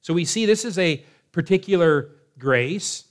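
Slow, measured male preacher. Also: high-pitched, expressive. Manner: measured preaching, slows for emphasis. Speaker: pastor. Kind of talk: sermon.

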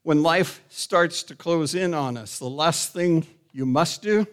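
Middle aged pastor guy preaching, bit of a high voice, throws questions at the crowd and gets loud. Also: slow pace, clear, resonant tone. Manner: rises to loud emphatic preaching, asks the congregation questions. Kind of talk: sermon.

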